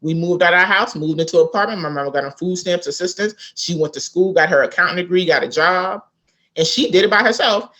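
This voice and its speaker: Quick-paced with a lowish voice, a woman author from South Carolina appears as a guest in a casual interview. She tells a family tale animatedly, imitating each person she quotes.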